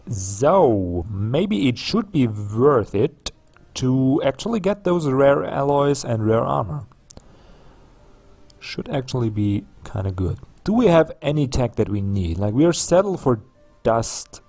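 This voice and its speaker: Slow-talking, musing gameplay commentator man. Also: medium pitch, darkish tone. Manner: unhurried, musing aloud with many ums and restarts. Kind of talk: casual let's play commentary.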